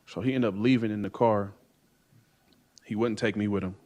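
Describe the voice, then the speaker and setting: Man, 30s, courtroom testimony, low-pitched, halting, hesitant, witness-stand microphone. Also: steady tone, a little mellow. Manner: halting, hesitant, many fillers and "I don't know".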